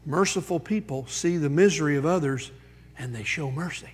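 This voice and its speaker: A man preaching a sermon as pastor, quoting scripture and building to emphatic high points. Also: normal speed, breathy edge, long reverb tail.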